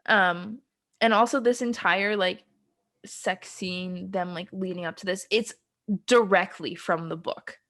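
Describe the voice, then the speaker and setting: A woman's voice: mid-range voice, fairly even intonation, measured pace, a bit bright. A young adult woman co-hosting a podcast, casually recapping a film plot in a rambling way, with lots of ums and frequent giggles. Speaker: podcast co-host. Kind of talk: casual chat.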